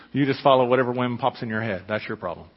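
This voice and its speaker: A pastor preaching a sermon, emphatic and conversational, often asking the listeners questions. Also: male voice, medium pitch. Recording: echoey hall, dull lo-fi sound.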